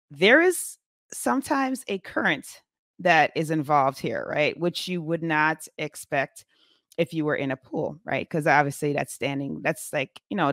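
A woman in her forties speaks in a lowish voice, chatty and animated as she tells a story to her viewers. She leans on lots of fillers. The sound is dry and close, with no echo. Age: 40s. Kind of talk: casual storytelling vlog.

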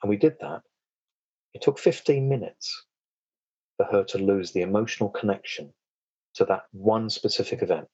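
Low husky guy chatting on a podcast, rambly, dull lo-fi sound. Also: moderate pace, long pauses, a little mellow, dry recording. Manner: rambling, frequent restarts, chuckles. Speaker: podcast guest, self-defense and trauma coach. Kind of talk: casual interview chat.

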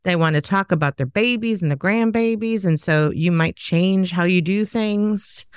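Animated woman host. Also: mid-range voice, normal speed, clean tone, dry recording, clean studio sound. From Southern United States. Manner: animated storyteller who acts out quoted dialogue. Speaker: podcast host. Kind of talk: casual conversational interview.

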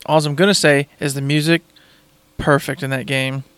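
Enthusiastic man, smooth, higher voice. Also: steady tone, moderate pace, a bit bright, no echo. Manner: enthusiastic, rambling, repeats phrases. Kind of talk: casual chat.

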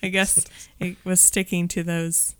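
A woman's voice: fairly low pitch, little pitch movement, a little slow, fairly bright tone, smooth, no echo. A woman in her thirties co-hosting a podcast, chatting casually with wry asides and lots of fillers. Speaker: podcast co-host. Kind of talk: casual movie rewatch chat.

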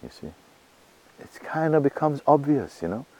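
A man giving a spiritual talk to a gathering, asking questions and answering them himself and softly repeating phrases. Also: medium pitch, big pitch swings, moderate pace. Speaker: spiritual teacher.

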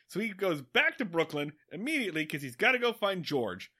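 A man co-hosting a podcast, recapping a movie in lively, excitable casual chat. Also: fairly quick, few pauses. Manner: lively, excitable, jumps into high voices for characters. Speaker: podcast co-host.

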